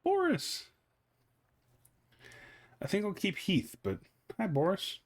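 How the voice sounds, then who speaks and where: A man playing a video game, reading its text aloud with amused, animated commentary. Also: high voice, moderate pace, creaky. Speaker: gamer playing a game on stream. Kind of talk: let's play commentary.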